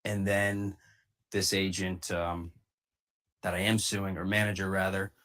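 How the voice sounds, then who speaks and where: A man's voice: deep voice, level tone, a little slow, a bit bright. A man, an actor, recounting a story in a candid way and acting out what others said. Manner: candid, acts out the quoted speech. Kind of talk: storytelling clip.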